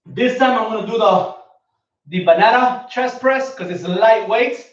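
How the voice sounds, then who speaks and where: A man's voice: sits high, unhurried. A man coaching a home workout, counting his reps aloud as he exercises, recorded from a distance in a room at home. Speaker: fitness coach. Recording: echoey distant lo-fi home video.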